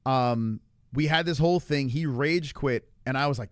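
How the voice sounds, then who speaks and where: A man hosting a casual livestream, telling stories in an animated, profane way. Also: medium pitch, normal speed, dry recording. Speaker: host.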